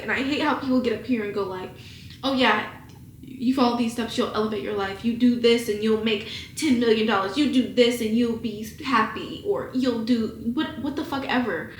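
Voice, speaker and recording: A woman in her twenties, with a fairly high voice, talks straight to camera at home like a big sister giving a pep talk. She is candid and emotional and swears casually. The sound is echoey, with a faint hiss behind her. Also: normal speed, a bit bright. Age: 20s. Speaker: vlogger. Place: at home, indoors.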